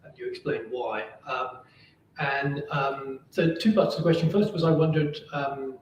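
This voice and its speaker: A man chairing an academic seminar and asking questions, halting, with many fillers and repeated words, over a video call. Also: mid-range voice. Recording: distant, roomy, dull and lo-fi, faint noise.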